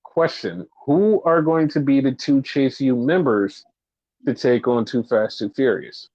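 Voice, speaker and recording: Speaking a little slowly in a slightly mellow, medium-pitched voice, this podcast co-host goes over wrestling shows and swears through his rants when irritated. The lo-fi recording is dull and dry, with no room sound.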